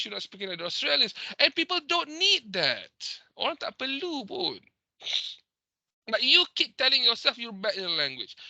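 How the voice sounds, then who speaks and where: A Malaysian man teaching an online class, his voice high and intensely bright. He lectures emphatically, mixing Malay and English. The sound is dry and close, as on a video call. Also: no room sound.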